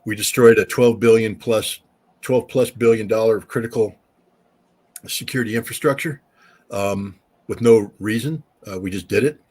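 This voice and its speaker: A man's voice: lowish voice, moderate pace. A middle-aged man, a former weapons inspector, talking emphatically in a casual interview. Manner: emphatic, animated storyteller.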